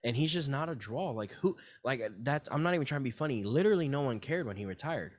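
Animated profane man ranting bluntly. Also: medium pitch, fast talker, no echo. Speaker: podcast co-host. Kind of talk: casual chat.

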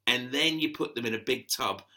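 A man, chatting as an interview guest and telling stories, animated and quick to laugh, often acting out the voices of people he quotes. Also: medium pitch, creaky. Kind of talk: casual storytelling interview.

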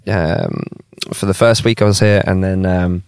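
A man's voice: deep voice, measured pace, vocal fry, clean tone, no echo, studio quality. A British man hosting a podcast outdoors, joking and spinning silly stories in a casual way. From United Kingdom. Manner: jokey, tells tall tales deadpan. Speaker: podcast host. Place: outdoors on a hillside.

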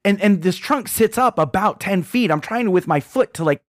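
A man on a casual podcast spins a rambling, animated story, stumbling over restarts and acting out his own quotes. His voice sits a touch high and sounds dry and close. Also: moderate pace, dry recording. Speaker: podcast co-host.

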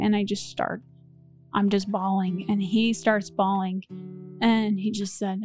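A woman's voice: medium pitch, flat delivery, measured pace, darkish tone, soft background music. A young woman in an interview, emotionally recalling a phone call with her father. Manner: emotional first-person recollection. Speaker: interviewee recounting events.

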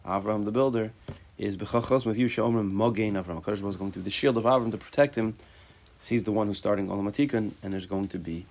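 A man with a somewhat low voice leads a Torah class. He talks to his students in a loose, conversational way. He drops Hebrew terms into his English, asks rhetorical questions and makes joking asides. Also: fast, hardly any pauses, a little mellow. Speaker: Torah teacher.

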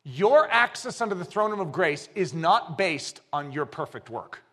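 Animated high-voiced preacher. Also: male voice, normal speed. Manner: animated, shifts between hushed and shouting; acts out quoted voices. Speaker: pastor. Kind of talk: sermon.

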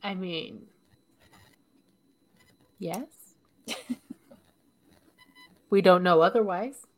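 A woman's voice: on the low side, drawn-out words. Canadian lady cohosting a podcast, chatty, laughs a lot, keeps restarting sentences. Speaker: podcast co-host. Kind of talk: casual chat.

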